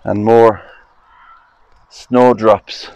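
A man's voice: fairly low pitch, little pitch movement, vocal fry, a little mellow, clear, resonant tone, dull audio. A man with an Irish accent walking through a graveyard, reading old inscriptions aloud and musing about them. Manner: reads headstone inscriptions aloud slowly, musing. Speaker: cemetery vlogger. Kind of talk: casual walking commentary. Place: outdoor graveyard.

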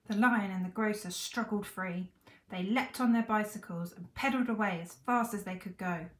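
A woman teacher reads a picture book aloud with clear, expressive storytelling. Her voice sits at an everyday pitch and rings in an echoey room.

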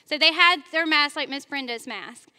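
A woman's voice: sits high, moderate pace, pushed and bright. A woman preacher giving a sermon in a church, telling stories in a chatty way, speaking straight to the congregation and laughing at herself. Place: church sanctuary. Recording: long reverb of a large church hall.

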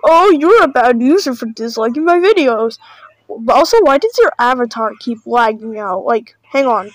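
A woman with a high, bright-sounding voice reacts to videos in a loose, chatty way, swinging between sarcasm and exaggerated fake panic. Her voice is recorded close and dry, with no room sound. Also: expressive, moderate pace, no echo, low-quality recording. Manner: mock-panicked, sarcastic, repeats "oh no, guys". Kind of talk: casual reaction commentary.

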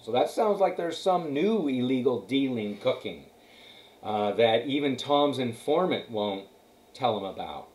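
A man's voice: mid-range voice, lively intonation, a little slow, darkish tone. A man teacher reading a novel aloud to his class and stopping to comment, checking in often with "okay" and "right". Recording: echoey room.

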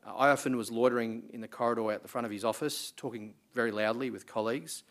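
A middle-aged Australian man with an Australian accent delivering a formal memorial address in a measured, earnest way, with the occasional filler. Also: mid-range voice. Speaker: member of parliament giving a memorial speech.

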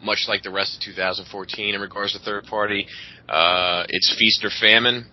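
A man's voice: fairly low pitch, steady tone, normal speed. A man hosting a podcast in casual, profane chat. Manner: profane, laughing. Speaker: podcast host. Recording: muffled lo-fi recording.

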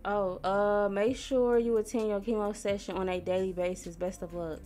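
A woman's voice: medium pitch, fairly even intonation, warm tone, faint music behind. A young woman from Missouri giving casual, slangy commentary while playing a life-sim game and talking to its characters. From Missouri, USA. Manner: chatty, talks to herself and the characters, slangy, quick to get annoyed. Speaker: gaming YouTuber.

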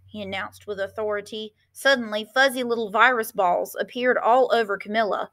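A woman teacher reading a storybook aloud with lots of expression. Her voice sits fairly high. She pauses often to explain words to her listeners. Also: sharp tone.

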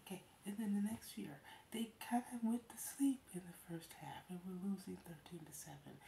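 A woman hosting a podcast in a casual, rambling chat, laughing often, swearing freely and often sinking to a breathy near-whisper. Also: on the low side, animated, moderate pace, mellow. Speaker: podcast host. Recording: roomy echo with faint background hum.

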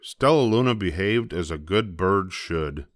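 An older man gently reading a children's picture book aloud, slowing down for the dramatic moments. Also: deep voice, animated, dry recording. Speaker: storybook reader.

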